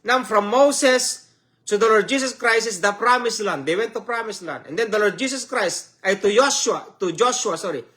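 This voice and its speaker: A male preacher with a Filipino accent and a fairly high voice. He teaches in a slow, emphatic way, repeating each point for his listeners. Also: bright, forceful tone. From Philippines. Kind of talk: sermon teaching.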